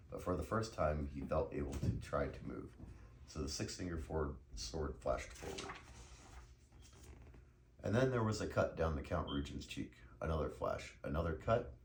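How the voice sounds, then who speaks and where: Very deep, gravelly male narrator. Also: noisy background. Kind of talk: reading a novel aloud.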